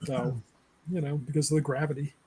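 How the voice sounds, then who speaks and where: A man's voice: on the high side, level tone, a little fast, warm tone, slightly rough. A man co-hosting a casual movie podcast, blunt and opinionated and laughing often. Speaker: podcast co-host.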